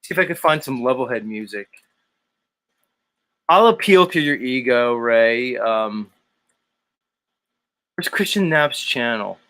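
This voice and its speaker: A man's voice: mid-range voice, expressive, takes it slowly, pauses often, bright, forceful tone. A man hosting a livestream in casual chat, laughing often, swearing and teasing his viewers. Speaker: livestream host. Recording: guitar music playing behind. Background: guitar music.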